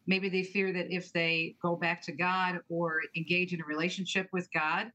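A woman's voice: fairly low pitch, level tone, moderate pace, bright, forceful tone, rough recording. A woman guest in an interview, talking about her book in an earnest, emphatic way. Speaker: guest author and talk show host. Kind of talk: interview conversation.

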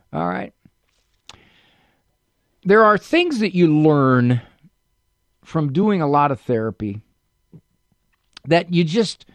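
A man's voice: on the high side, no room sound. A man hosting a psychology call-in radio show from a studio, chatting casually with dry humor and personal anecdotes. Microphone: studio mic.

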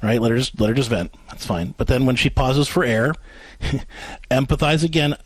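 A man co-hosting a call-in advice show, coaching a caller step by step and acting out gentle example phrases. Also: mid-range voice, normal speed, breathy edge, dry recording. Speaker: radio advice host.

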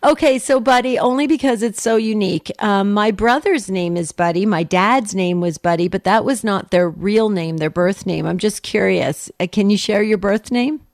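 A woman's voice: medium pitch, normal speed, few pauses, no echo. Bubbly woman, call-in radio co-host, laughs easily, dry close sound.

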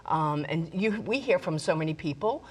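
A woman's voice: sits low, expressive, normal speed, husky. A woman co-hosting a talk show, speaking in an emphatic, direct way. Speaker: co-host.

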